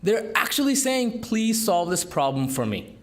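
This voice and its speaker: A man giving a business talk to an audience, with an emphatic, lively delivery and rhetorical questions. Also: high voice, a little slow. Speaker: entrepreneur speaker. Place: conference room.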